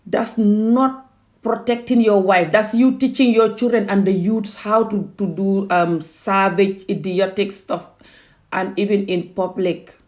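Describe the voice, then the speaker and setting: A woman's voice: medium pitch, fairly even intonation, measured pace, darkish tone. A woman from Gambia ranting heatedly and emphatically in a self-filmed commentary video. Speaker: vlogger.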